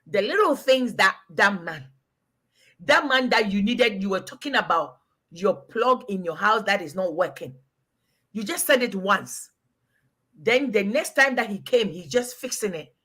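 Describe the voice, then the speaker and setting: A woman's voice: medium pitch, a bit bright, slightly rough. A woman from Ghana, chatting casually and emphatically while giving relationship advice and calling out to a listener by name. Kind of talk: casual chat.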